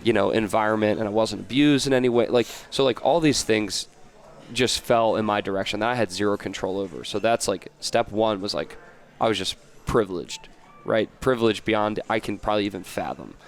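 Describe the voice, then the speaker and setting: A man's voice: fairly low pitch, fairly quick. A man from the United States, a podcast guest, talking in a casual, rambling way with many fillers and restarts. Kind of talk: casual interview chat.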